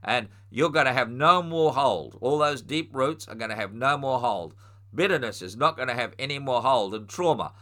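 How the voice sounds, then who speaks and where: A middle-aged man preaching a sermon, teaching earnestly and rising into forceful spoken commands. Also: medium pitch, lively intonation, moderate pace.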